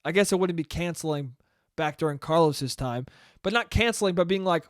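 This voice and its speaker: High, clear-voiced man ranting on a podcast. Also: big pitch swings, fast, dry recording, studio quality. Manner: profane, rambling, self-deprecating. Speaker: podcast host. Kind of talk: solo casual podcast rant.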